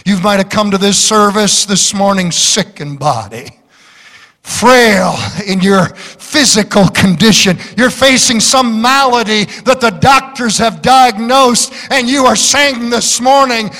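A man preaching a fiery sermon as pastor, building to shouts. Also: high-pitched, a little slow. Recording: large hall reverb.

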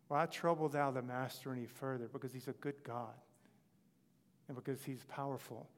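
A man preaching with a slightly raised voice, telling scripture stories in an animated way. His voice rings out with a long reverb, as if he is in a large church hall. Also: a little high. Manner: animated storytelling, voicing quoted scripture figures. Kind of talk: sermon.

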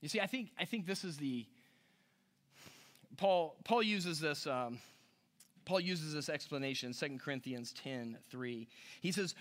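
Animated high-voiced male preacher. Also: unhurried, pauses often. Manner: animated, jokey, puts on voices for characters. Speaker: pastor. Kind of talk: sermon.

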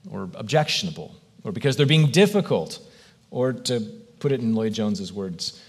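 A man preaching in a church, speaking in an earnest, reflective way and working through one question after another. His voice sits at an everyday middle pitch for a man, with nothing unusual in its tone. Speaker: pastor. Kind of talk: sermon.

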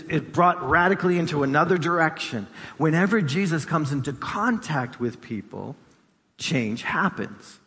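A male pastor delivers an emphatic sermon in a slightly higher voice, stacking up repeated phrases to drive each point home. His voice rings out with a long reverb through a church hall. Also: fairly bright tone.

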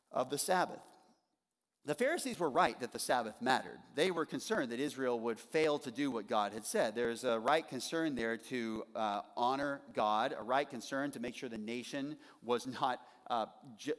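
A man preaching an expository sermon in an earnest way, slowing down and repeating his key phrases. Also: medium pitch, long reverb tail. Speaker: pastor.

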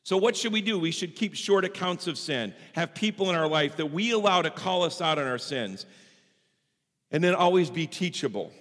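Man preaching, pastor, slightly high voice, emphatic, long echo of a big church. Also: animated, normal speed. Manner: emphatic preaching with big swings between loud and soft. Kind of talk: sermon. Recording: long hall reverb.

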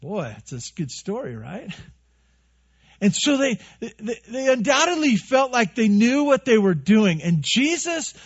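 A man preaching a sermon to a congregation in a relaxed, joking way, full of rhetorical questions. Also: very high-pitched, measured pace, breathy edge. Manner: conversational, joking, asks many rhetorical questions. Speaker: pastor. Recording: dull lo-fi recording.

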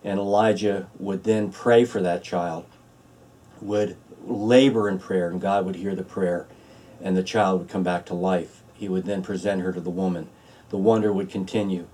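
A man's voice: low-pitched, steady tone, normal speed, mellow, far from the mic. A man preaching a sermon as pastor, telling a story earnestly with some ums and uhs, filmed for an online church video.

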